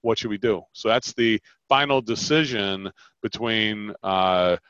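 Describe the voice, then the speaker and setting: A man coaching on a podcast, animated and quick, often acting out customer lines as he explains sales talks. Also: lowish voice, smooth, dry recording, dull audio. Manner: animated, fast-talking, acts out customer lines.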